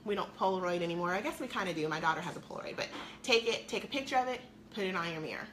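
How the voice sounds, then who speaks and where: A woman's voice: lowish voice, lively intonation, very fast, fairly bright tone, a little hiss or hum. A middle-aged woman chatting to viewers on a live stream from her home, a weight-loss coach in an upbeat, talkative manner.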